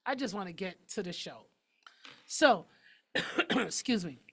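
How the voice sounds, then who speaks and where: A woman hosting a talk show, talking quickly and emphatically in a casual, outspoken way. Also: mid-range voice, expressive, a bit bright, breathy edge.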